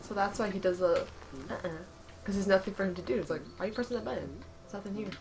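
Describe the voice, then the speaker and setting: A woman's voice: mid-range voice, fast, background noise. A woman giving casual let's-play commentary, sarcastic, talking back to the game, laughing and yelping often. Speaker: gameplay commentator.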